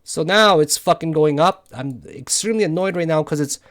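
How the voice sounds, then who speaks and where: A tired man giving live commentary on his trades, frustrated and swearing often as he thinks out loud. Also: on the high side, fairly quick. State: tired from no sleep. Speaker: crypto day trader. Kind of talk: live trading commentary over charts.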